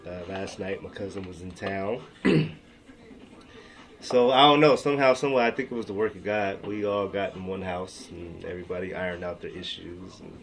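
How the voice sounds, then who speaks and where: A man co-hosting a podcast in loud, profane, teasing casual chat. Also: low voice, moderate pace, vocal fry, noisy background. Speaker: podcast co-host.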